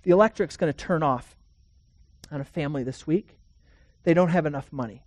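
A pastor delivering a sermon in a dry, close recording. The voice sits at a middle pitch and swings from loud, urgent passages to hushed, near-whispered ones. Rhetorical questions are put straight to the audience. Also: normal speed, no echo.

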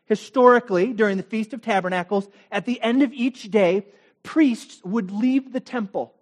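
A man preaching a sermon, telling the story dramatically with rhetorical questions and swings between loud bursts and quiet asides. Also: sits high, moderate pace. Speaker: pastor.

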